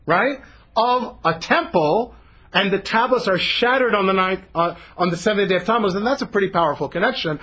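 A man's voice: high voice, a bit bright, husky. A man teaching a Torah text-study class, explaining animatedly and dropping Hebrew terms into his English.

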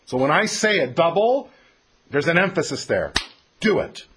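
A man's voice: fairly high pitch, sing-song, moderate pace, a bit bright, a little hiss or hum. A man teaching a text study class, explaining emphatically and putting questions to his students.

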